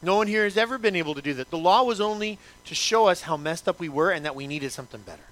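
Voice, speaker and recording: A man's voice: high-pitched, lively intonation, fast talker, fairly bright tone. A male pastor preaching a sermon in an emphatic, repetitive way, asking the congregation many rhetorical questions.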